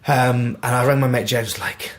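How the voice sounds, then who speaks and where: At medium pitch and normal speed, a podcast guest in his twenties from Manchester, England, with a Mancunian accent, tells casual anecdotes in an animated way, acting out the dialogue.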